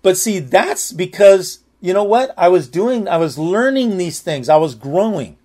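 A man's voice: high voice, lively intonation, unhurried, darkish tone. Earnest man giving a testimony talk. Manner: earnest, candid and conversational.

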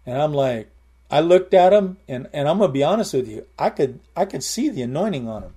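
A middle-aged man preaching a sermon in a conversational way, repeating and restarting words and slowing down to stress key lines. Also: on the high side, lively intonation, warm tone, slightly rough.

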